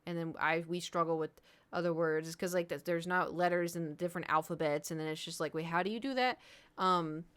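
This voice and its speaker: A woman's voice: lowish voice, level tone, brisk, fairly bright tone, clean tone. A woman in her thirties, chatting casually to her live stream audience and rambling through stories with frequent laughs. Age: 30s.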